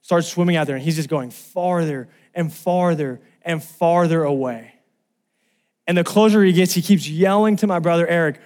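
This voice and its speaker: A man's voice: fairly high pitch, normal speed. Man preaching a story-driven sermon. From Los Angeles. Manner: storytelling, rising to loud exclamations. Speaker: pastor.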